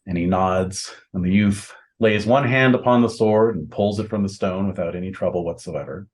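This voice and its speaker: A man narrating a tabletop game as game master, describing scenes at length with many fillers and pauses. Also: deep voice. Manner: descriptive, halting with fillers, acts out voices.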